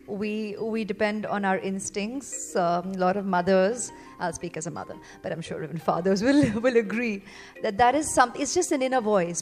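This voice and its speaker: Woman in her forties, from India, heartfelt speech to an audience, earnest, gentle, full of ums and repeated words, middle pitch, soft music behind. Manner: earnest and gentle, with many fillers and repeated phrases. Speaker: parent giving a testimonial speech. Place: event venue before a seated audience.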